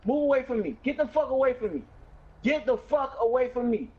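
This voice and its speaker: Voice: high voice, fairly quick, slightly rough. Player voicing a mouthy cussing teen grandson. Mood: insulting. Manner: bossy, cussing, blunt. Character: mouthy fourteen-year-old grandson, bossy and quick to cuss. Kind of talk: game role-play. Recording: muffled lo-fi mic.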